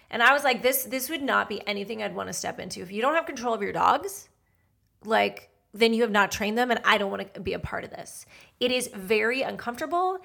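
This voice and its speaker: A woman's voice: mid-range voice, vocal fry, a bit bright. A middle-aged woman, a matchmaker hosting a podcast, giving blunt, feisty dating advice in a chatty monologue.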